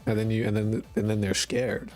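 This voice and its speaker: A man's voice: lowish voice, flat delivery, moderate pace, darkish tone, soft background music. A man from rural Connecticut, with a mixed New York, Boston and Connecticut accent, chatting casually and profanely on a game dev live stream. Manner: rambling, profane, self-deprecating.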